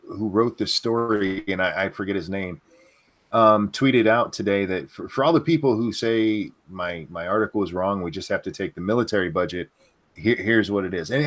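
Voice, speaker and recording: A man co-hosting a casual livestream chat, with dry, deadpan jokes and loose asides. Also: lowish voice. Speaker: podcast co-host.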